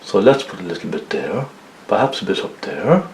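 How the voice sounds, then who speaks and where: A man's voice: deep voice, sing-song, normal speed, gravelly, a little hiss or hum. Chatty man teaching oil painting. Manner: chatty, lots of tag questions like okay and isn't it. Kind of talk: step-by-step painting tutorial. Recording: roomy echo.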